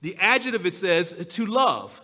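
A man preaching a sermon as pastor, slow and emphatic, drawing out his key words. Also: high voice, very animated, sharp tone, big-room sound.

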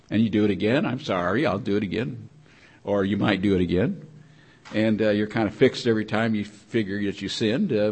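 A man's voice: lowish voice, a little mellow, breathy edge. An older man preaching a sermon in a conversational, rambling way, with many restarts and repeated words.

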